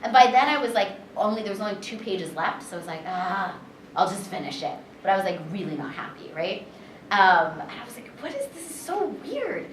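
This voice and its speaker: A woman's voice: medium pitch, a little fast, a little hiss or hum. A woman voice actress telling stories at a convention interview, talking in a chatty, filler-heavy way and animatedly retelling what happened. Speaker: voice actress and director. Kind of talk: convention panel interview, storytelling. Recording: echoey room, distant mic, background chatter.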